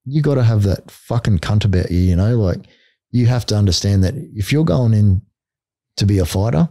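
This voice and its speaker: A middle-aged man with an Australian accent tells stories on a podcast in a blunt, swearing, laughing way. His voice sits on the low side and sounds dark and mellow. The close mic is dry, with no room sound. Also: animated, a little fast, dry recording. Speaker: podcast guest, army veteran. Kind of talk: casual interview storytelling.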